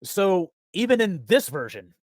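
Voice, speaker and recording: A man in a live stream chat, reacting with excitement and quick jokes. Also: high voice, dry recording, studio quality. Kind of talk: casual chat.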